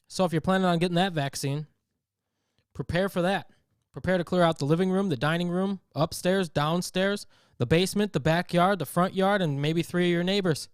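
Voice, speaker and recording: A man hosting a podcast, telling comic stories in an animated rant and acting out other people. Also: on the high side, moderate pace, smooth, dry recording, studio quality. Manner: animated storytelling, acts out voices. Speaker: podcast host. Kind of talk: comedic rant.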